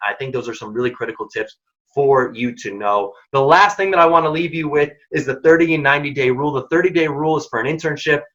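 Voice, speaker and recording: Bright-voiced man giving blunt career tips. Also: mid-range voice. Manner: direct, emphatic, casual wording. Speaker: workshop host and mentoring program founder. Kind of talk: instructive talk with career tips. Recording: dull lo-fi audio.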